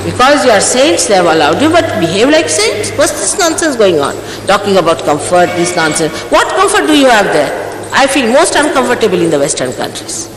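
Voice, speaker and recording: A woman's voice: fairly high pitch, very animated, brisk. A woman in her sixties scolding her followers as their spiritual teacher, sternly admonishing them with pointed rhetorical questions. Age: 60s. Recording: echoey hall, faint background hiss.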